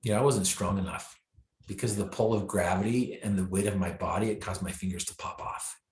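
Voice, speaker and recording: A man with a fairly low voice recounts a personal story as an interview guest, animated and self-deprecating, jumping up in pitch and volume when he acts out what people said. The room is echoey and roomy around him. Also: fairly quick. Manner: animated storyteller, acts out his own and others' lines with bursts of pitch and volume; self-deprecating humor, laughs at himself. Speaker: guest speaker.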